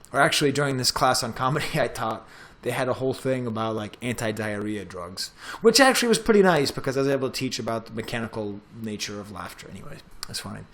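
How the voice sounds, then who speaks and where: Here a middle-aged male professor records his screen while demonstrating software, keeping the walkthrough chatty and informal as he moves through each step. His voice falls in the mid range.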